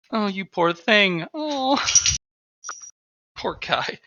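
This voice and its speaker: A man chatting casually at home on an online call, rambling and animated, talking to his dog between stories. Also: high-pitched, drawn-out words, creaky, slight background noise. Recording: dull, dry lo-fi mic.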